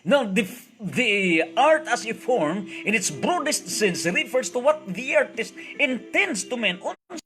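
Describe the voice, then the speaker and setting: A man's voice: extremely high pitch, sing-song, unhurried, bright, forceful tone, soft background music. A man preaching a sermon, switching languages mid-sentence and reciting long repeated lists.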